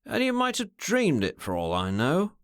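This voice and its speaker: A man voicing a languid, self-possessed gentleman who murmurs in a tolerant, unhurried way. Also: fairly high pitch, wildly swooping pitch, smooth, no echo, studio quality, voice pushed up. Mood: skeptical. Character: languid, cool gentleman master, quietly menacing.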